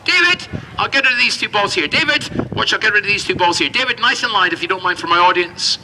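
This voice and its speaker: A man's voice: high-pitched, lively intonation, fast, noisy background. A man performing as a street magician, doing cheeky comedy patter and bantering with the crowd at an outdoor show.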